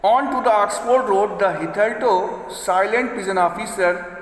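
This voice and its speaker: A man teaching a story to his class in a high, unhurried voice. He restates every sentence in simpler words and stops to check that the students follow. The recording sounds roomy, with a long echo trailing each phrase. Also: a bit bright. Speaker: English teacher. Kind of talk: explaining a story line by line to students. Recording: echoey room with long reverb.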